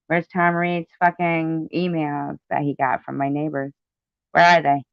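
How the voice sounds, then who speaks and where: A man's voice: on the high side, gravelly, no echo. A man delivering an angry, profane commentary rant, indignant and repetitive, on a dull lo-fi recording. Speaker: commentary vlogger. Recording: dull lo-fi sound.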